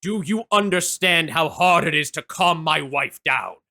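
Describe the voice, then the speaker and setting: A man voicing a booming, stern male god who scolds children and complains about calming his wife. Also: a little slow, gravelly, heavily acted. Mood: stern warning. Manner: commanding, reverberating.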